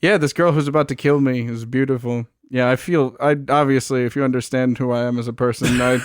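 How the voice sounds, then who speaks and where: A man co-hosting a casual podcast, retelling film scenes with enthusiasm and dropping into a hushed voice for quoted lines. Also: medium pitch, fairly even intonation, brisk, heavy background noise. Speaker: podcast co-host recapping a film. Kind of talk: casual chat.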